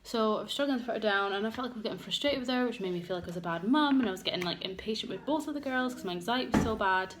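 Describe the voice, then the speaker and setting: Young mum chatting openly at home. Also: female voice, medium pitch, expressive, rapid-fire, few pauses. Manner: open, emotional, rambling with many fillers. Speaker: vlogger. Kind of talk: candid get-ready-with-me chat. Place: home room with children around. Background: noisy household.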